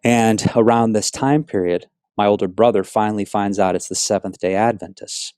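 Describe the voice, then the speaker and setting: Earnest low-voiced man telling his testimony. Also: moderate pace, smooth, dry recording, clean studio sound. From South Florida, USA. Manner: earnest, animated storytelling with many asides. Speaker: speaker giving a personal testimony. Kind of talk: personal testimony storytelling.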